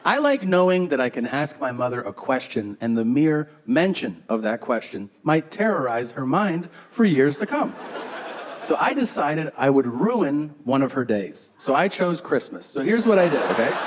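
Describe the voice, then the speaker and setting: On a comedy stage before a live audience, a stand-up comedian with a slightly high voice tells stories in a sarcastic, profane, conversational style. A little background noise can be heard.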